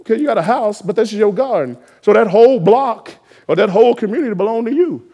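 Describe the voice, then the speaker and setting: Male preacher, high voice, fervent exhorting sermon delivery with loud peaks. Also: expressive, fast, highs cut off. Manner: exhorting, call-and-response rising to shouted emphasis.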